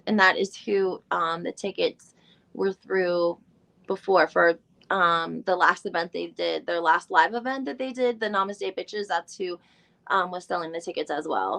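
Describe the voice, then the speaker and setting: A woman's voice: mid-range voice, gravelly, fairly bright tone. A woman hosting a live recap, chatting casually and thinking aloud as she looks things up, with mild swearing and lots of fillers. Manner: chatty, rambling, thinks aloud while searching online. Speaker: podcast host doing a live recap. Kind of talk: casual live-stream chat.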